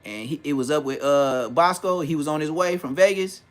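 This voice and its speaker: Middle-aged man from California, a touch high-voiced, vlogging in animated street slang. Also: a little fast. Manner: animated slangy storytelling, mimics old homies' voices. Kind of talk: casual storytelling rant.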